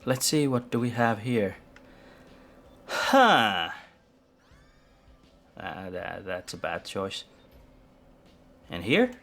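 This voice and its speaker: A man's voice: on the low side, big pitch swings, drawn-out words, long pauses, a bit bright, slight background noise. A man streaming a video game live, chatting with viewers in a hesitant, rambling, self-mocking way. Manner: rambling, hesitant, many restarts. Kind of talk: live gameplay commentary with chat.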